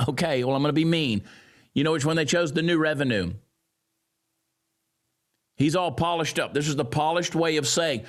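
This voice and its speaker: A man giving sarcastic, mocking political commentary, swinging from loud jeers down to low grumbles. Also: fairly quick. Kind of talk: ranting commentary.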